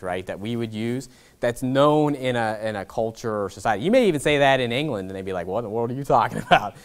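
A man, a pastor teaching a Bible class in a blunt, combative, conversational way, with frequent "okay?" asides. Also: mid-range voice.

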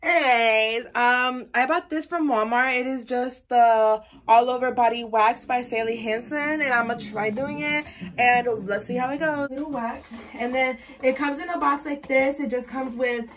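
A woman's voice: fairly high pitch, steady tone, normal speed, fairly bright tone. A young woman vlogging casually at home, swearing freely and talking dramatically. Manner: profane, dramatic, scared chatter. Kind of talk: casual vlog.

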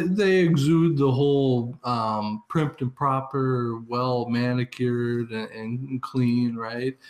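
A man's voice: mid-range voice, roomy sound. A man co-hosting a podcast over a remote line, laid-back and laughing as he talks. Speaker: podcast co-host. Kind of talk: casual chat.

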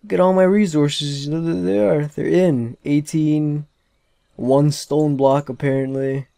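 A young man giving casual, excitable gameplay commentary, swearing often and talking to the characters on screen. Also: on the high side, unhurried, creaky, no echo, clean studio sound. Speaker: let's play gamer.

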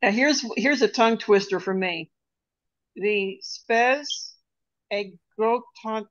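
A woman's voice: on the high side, takes it slowly, no echo, lo-fi sound. A woman taking part in a Latin class, asking questions about the words in a casual way. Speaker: student.

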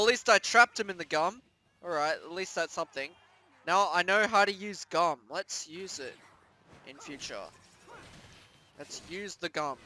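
A man giving let's-play commentary, excitable and yelping, repeating words when he loses. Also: high-pitched. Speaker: gaming YouTuber.

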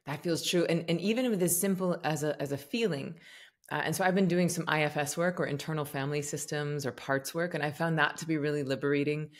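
A woman from the States, a meditation teacher talking as a guest on a podcast, expressive and musing aloud. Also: sits low, fast talker. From Southern United States. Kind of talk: conversational podcast interview.

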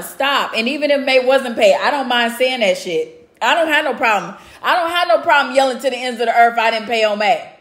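A woman's voice: a little high, a bit bright, roomy sound. A woman in her forties on a live stream at home, ranting bluntly and profanely in a heated family argument. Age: 40s. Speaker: mother livestreaming a family argument. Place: home, indoors. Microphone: phone, live stream.

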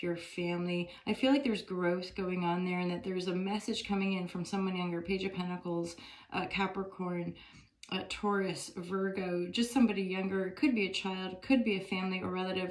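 A woman talking casually to camera into her phone as she gives a tarot reading, chatty and upbeat, with many fillers. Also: mid-range voice. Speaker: tarot reader.

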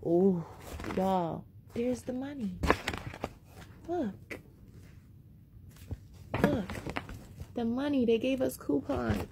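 A woman's voice: fairly high pitch, very slow, gravelly, pauses often, heavy background noise. A woman vlogger chatting casually and rambling to her viewers as she unboxes something, a little out of breath.

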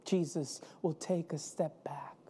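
A woman preaching a sermon in a slow, measured storytelling manner. Her tone is mellow and warm, with dramatic pauses that let each phrase land. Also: sits low, steady tone, a little hiss or hum.

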